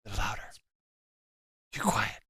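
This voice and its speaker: A man making short, quiet remarks from off camera during a live lesson. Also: moderate pace, no room sound, studio quality. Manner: brief, quiet interjections.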